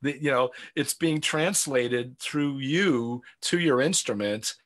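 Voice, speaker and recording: A middle-aged man talking casually as an interview guest. He rambles and restarts often, leaning on "you know" between thoughts. His voice sits at an ordinary middle pitch. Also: slow pace, a bit bright. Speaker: guest drummer.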